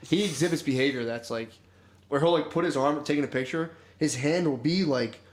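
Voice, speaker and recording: A man's voice: fairly high pitch, fairly quick. Rambling, profane young podcast co-host man. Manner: rambling, profane storytelling with frequent "dude". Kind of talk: casual podcast chat.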